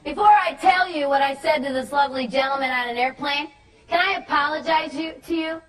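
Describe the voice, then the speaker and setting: High-voiced woman preaching to students. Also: distant mic, rough recording. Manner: emphatic, preachy, with shouted stresses and slow drawn-out points. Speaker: youth speaker. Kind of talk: impassioned religious talk to students.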